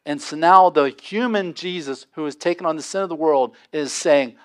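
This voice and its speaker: A man's voice: on the high side, smooth. Impassioned man preaching a sermon. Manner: impassioned preaching with dramatic pauses. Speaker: pastor.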